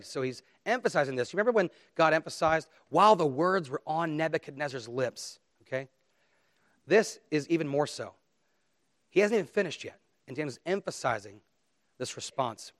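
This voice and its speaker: A man's voice: a little high, animated, moderate pace, dry recording, studio quality. A man preaching a sermon, earnest and emphatic, reading scripture aloud with dramatic emphasis. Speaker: pastor.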